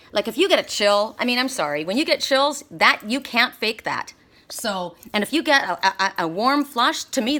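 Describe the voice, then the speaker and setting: A woman reads oracle cards for her viewers in an earnest, encouraging way, circling back to repeat her words for emphasis. Her voice is bright and clear, and her pitch sits in an ordinary middle range. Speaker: oracle card reader. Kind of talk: spiritual card reading.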